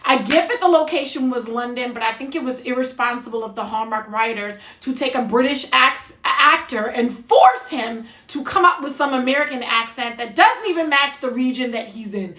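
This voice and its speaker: A woman's voice: fairly high pitch, lively intonation, normal speed, hardly any pauses, bright, forceful tone, reverberant. A woman who grew up in New Jersey, reviewing a Christmas movie in a sassy, blunt, chatty way. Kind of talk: casual review monologue.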